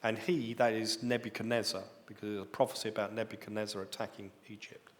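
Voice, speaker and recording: A man's voice: on the low side, flat delivery, fast, few pauses. A man preaching a sermon, teaching step by step and lifting his voice on key words. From United Kingdom. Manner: explanatory teaching, rising emphasis on key words. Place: church hall. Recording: long reverb of a church hall.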